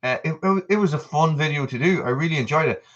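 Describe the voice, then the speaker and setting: A man in his thirties hosting a live stream, talking in loose, rambling chat and answering viewers as he goes. His voice is bright and forceful. The sound is dull and lo-fi. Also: a little high, fast. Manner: rambling and chatty, reading out viewer messages. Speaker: channel host.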